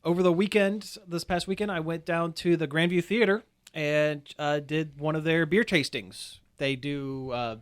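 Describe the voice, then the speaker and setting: Male podcast host, slightly higher voice, loose rambling storyteller. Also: steady tone, normal speed, clean tone. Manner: chatty, rambling with many fillers and restarts. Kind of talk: casual chat.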